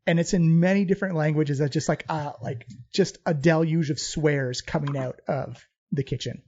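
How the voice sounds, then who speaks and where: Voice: mid-range voice, steady tone, moderate pace, warm tone, lo-fi sound. Loose, rambling tabletop game master. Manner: loose, filler-heavy narration.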